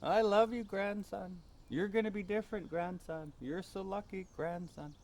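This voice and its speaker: A man voicing a tipsy, tearful elderly grandmother who dotes on her grandson with drawn-out, pleading endearments. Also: high-pitched, fairly even intonation, vocal fry, darkish tone, slight background noise, voice pushed up. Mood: tearful doting.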